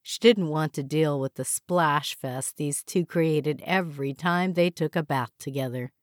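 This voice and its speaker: A woman narrating an audiobook in a measured, even way. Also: deep voice, no room sound, clean studio sound. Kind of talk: scripted narration.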